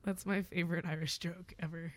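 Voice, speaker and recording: A woman in her thirties talks loosely as an interview guest, rambling through stories with plenty of fillers and restarts. Her voice sits a little low, and the sound is dry and close with no room around it. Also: fairly even intonation, brisk, no echo. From Oklahoma, US. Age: 30s. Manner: rambling, storytelling, frequent fillers. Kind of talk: casual conversational interview.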